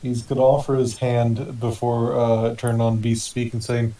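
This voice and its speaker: A man's voice: medium pitch, completely flat delivery, normal speed, warm tone. A man playing a tabletop game, describing his character's actions in third person. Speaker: player. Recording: distant mic with faint hiss.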